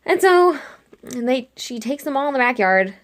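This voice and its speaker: A young woman chatting casually while she sketches, retelling a dream in an animated way and acting out her own lines with lots of "like". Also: high voice, normal speed. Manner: chatty, animated quoting of herself with frequent "like". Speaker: art vlogger.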